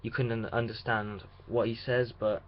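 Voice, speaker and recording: A man's voice: medium pitch, level tone, measured pace. A young man talking through a casual video diary about his radio drama rehearsals, chatty and rambling with restarts. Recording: dull lo-fi sound with faint hiss.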